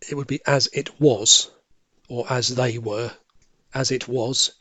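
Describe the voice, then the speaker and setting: A man talking his way through a crossword, pausing to mutter clues under his breath before explaining them. His voice sits in an ordinary middle register. It is recorded close and dry, with no room sound. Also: mid-range voice, fairly even intonation, a bit bright, no echo. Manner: musing, self-correcting, half-muttered asides. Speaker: crossword solving tutor. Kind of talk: thinking aloud while solving a crossword.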